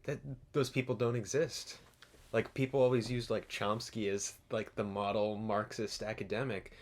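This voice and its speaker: A man's voice: fairly low pitch, steady tone, normal speed. A young man, a university student, co-hosting a casual political podcast, hedging often and slipping into sarcastic impressions. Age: young adult. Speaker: podcast co-host.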